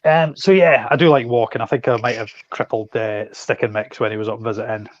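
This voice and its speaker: A Scottish man hosts a loose, banter-filled chat and keeps teasing his guests with jokes. His voice sits at a middle pitch. The recording sounds dull and dry. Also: steady tone, fairly quick, no room sound. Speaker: host. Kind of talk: casual chat.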